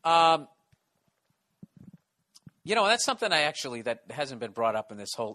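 Male comic podcast host, East Coast American accent, profane and sarcastic, slightly high, bright tone. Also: very animated, normal speed. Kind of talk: solo comedy podcast rant.

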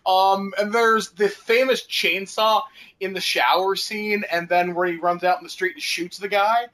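A man with a high, bright voice talks loosely on a podcast. He rambles through anecdotes, drops casual swears and laughs between lines. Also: steady tone, a little slow, low-quality recording. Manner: chatty, laughs often, swears casually, many fillers.

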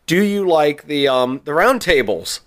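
A man's voice: a little high, big pitch swings, a little slow. A man co-hosting a podcast, telling a long rambling story with lots of restarts and quoted asides. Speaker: podcast co-host. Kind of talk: casual chat.

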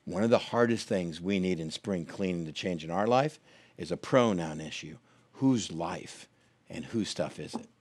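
Animated man in his thirties preaching. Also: moderate pace, husky, dry recording. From United States. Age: 30s. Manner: animated storytelling, acting out quoted voices with big pitch jumps. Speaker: pastor. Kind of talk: sermon.

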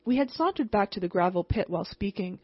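A woman reading a ghost story aloud in a steady, measured way. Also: mid-range voice, slightly rough, no room sound. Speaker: audiobook reader. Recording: slightly muffled, dry recording.

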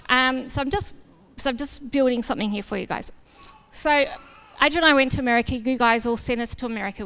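A woman giving a sermon testimony, a casual, self-deprecating storyteller who acts out the dialogue. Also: fairly high pitch. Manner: lively storyteller acting out dialogue. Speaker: church speaker.

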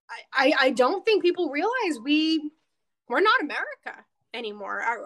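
Speaking in a high, slightly bright voice, a woman political candidate appears as a talk show guest. She talks bluntly and heatedly in this casual interview, swearing freely.

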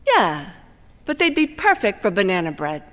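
A woman's voice: mid-range voice, wildly swooping pitch, moderate pace, fairly bright tone, pitched below the performer's own voice. A woman voicing a friendly, apologetic middle-aged male building foreman in a story read aloud. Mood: polite. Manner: polite and apologetic. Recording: long hall reverb.

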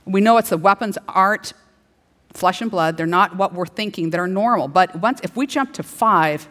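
A middle-aged woman preaching a sermon, playful and animated, slipping into little acted-out dialogues. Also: medium pitch, normal speed. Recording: long hall reverb.

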